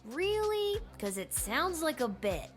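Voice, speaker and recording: A woman's voice: sits high, big pitch swings, slow, over music, full character voice. A woman voicing a blunt, skeptical twelve-year-old girl gate guard in a video game. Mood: wry. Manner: dry, skeptical questions.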